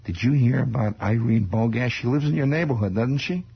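A man with a gravelly voice playing a gossipy schoolboy who talks in a hushed, conspiratorial way. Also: medium pitch, fairly quick. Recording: dull lo-fi recording.

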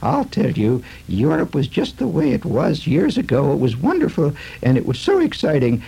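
A man's voice: fairly high pitch, wildly swooping pitch, moderate pace, creaky, mellow, husky, pitched above the performer's own voice, exaggerated voice, low-quality recording. A man voicing a delighted woman tourist back from Europe, gushing breathlessly.

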